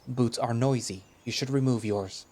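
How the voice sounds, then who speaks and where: A man reading a visual novel aloud, voicing a large, gruff male husky beast-man who is blunt and insecure and talks in terse, clipped phrases. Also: medium pitch, normal speed, darkish tone, natural voice.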